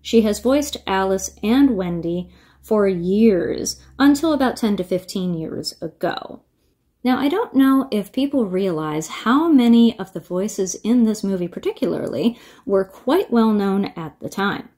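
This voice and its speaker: A woman's voice: mid-range voice, expressive, unhurried, dark tone. A woman hosting her own video, talking to camera in an earnest, musing, chatty way. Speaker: video host. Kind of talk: casual to-camera commentary.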